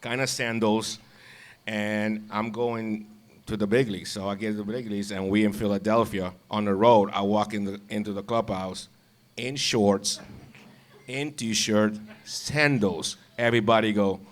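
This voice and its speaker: Laid-back low-voiced man telling stories. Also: measured pace. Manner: laughs often, relaxed, repeats words. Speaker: guest, former baseball player. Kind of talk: casual storytelling.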